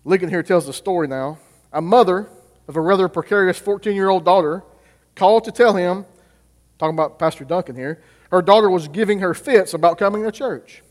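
Speaking fairly quickly in a high voice, a youth pastor preaches to his congregation, posing questions and then answering them himself. The recording carries the long reverb of a church hall.

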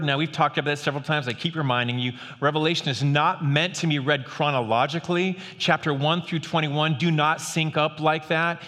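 A man's voice: medium pitch, bright, forceful tone, in a large hall. A man preaching a sermon as pastor, earnest in tone, reading scripture aloud with rising energy.

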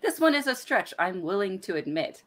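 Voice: medium pitch, big pitch swings, fairly quick, a bit bright. A podcast co-host in casual chat, speaking hesitantly and trailing off while explaining myths.

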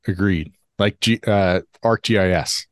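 A man's voice: low-pitched, unhurried, dry recording, clean studio sound. A man co-hosting a podcast, chatting casually and acting out both sides of an old argument. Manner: animated storyteller, acts out both sides of arguments. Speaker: podcast co-host. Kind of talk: casual chat.

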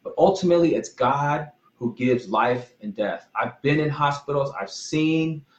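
A man's voice: a little high, a little slow, reverberant, lo-fi sound. A man giving an informal, earnest sermon, rambling with restarts and apologies as he talks about faith and protection. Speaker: pastor.

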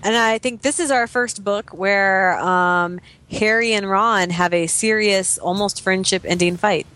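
A woman's voice: mid-range voice, a little slow, fairly bright tone, no room sound. A young woman co-hosting a casual book discussion, hesitant with many fillers and frequent laughter. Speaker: podcast co-host.

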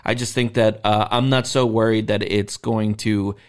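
A man's voice: lowish voice, moderate pace. A man co-hosting a podcast, chatting casually about a TV show and pushing back firmly when he disagrees. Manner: animated, insistent when disagreeing. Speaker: podcast co-host. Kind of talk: casual TV discussion.

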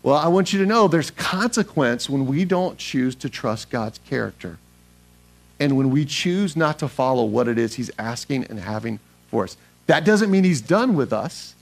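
A man's voice: fairly high pitch, gravelly. A male pastor preaching a sermon, emphatic, putting questions to the congregation and repeating phrases for stress. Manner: asks the congregation questions and answers them himself.

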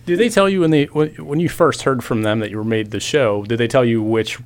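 A man's voice: medium pitch, fairly quick. A man interviewing a young guest, asking follow-up questions and backing him up with short replies. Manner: brief encouraging replies and laughs, follow-up questions.

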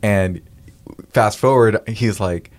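A man chatting casually as a podcast guest, telling animated stories and acting out quoted lines. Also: fairly low pitch, slow. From San Diego area. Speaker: podcast guest, real estate agent. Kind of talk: casual chat.

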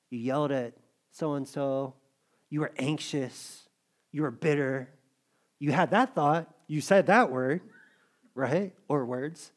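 Man, middle-aged, pastor, conversational sermon, slightly high voice. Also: a little mellow. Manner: conversational preaching, jokes with the congregation.

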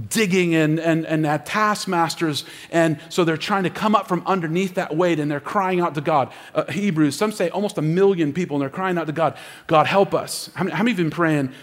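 Male pastor, slightly high voice, emphatic sermon delivery with long reverb from a church hall. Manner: emphatic preaching, repeating phrases for effect.

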